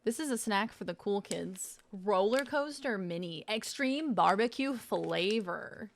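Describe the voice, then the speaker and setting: Casual woman streamer, mid-pitched, playful banter with frequent swearing. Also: expressive, unhurried, vocal fry. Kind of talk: casual live-stream chat.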